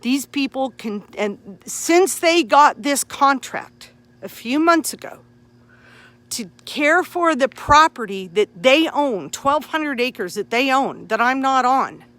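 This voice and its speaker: High bright-voiced indignant woman. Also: animated, slow pace. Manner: indignant, taunting, repeats short phrases. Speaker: nonprofit volunteer live-streaming an incident. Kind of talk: live-streamed running commentary. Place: outdoors at night, near her parked car. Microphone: phone.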